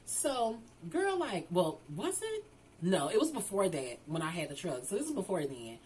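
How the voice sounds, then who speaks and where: A woman tells a long storytime to her viewers, sassy and full of profanity. Her pitch jumps up and down a lot as she talks. A faint hum of room noise sits behind her. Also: very animated, moderate pace, darkish tone. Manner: sassy, profane, keeps calling the viewer "girl". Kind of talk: casual storytime vlog.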